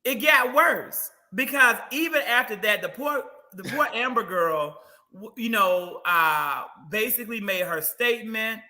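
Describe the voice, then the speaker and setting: Man, high voice, very bright tone, teasing host banter. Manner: animated, teasing, quick banter. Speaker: guest host. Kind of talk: casual chat.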